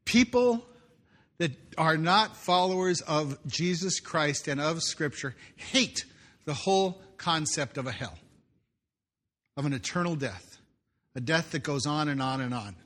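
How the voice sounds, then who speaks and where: A man's voice: fairly high pitch, measured pace, a bit bright. A man preaching a sermon, reading scripture aloud and breaking in with jokey asides. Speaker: pastor.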